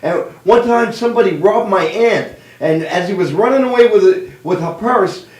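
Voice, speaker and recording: A man's voice: high-pitched, moderate pace, darkish tone, recorded from a distance. A man in his fifties hosting a comedy show, telling old jokes and family stories and laughing at his own lines. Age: 50s. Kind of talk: stand-up joke telling. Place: live streamed show room. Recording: roomy, away from mic.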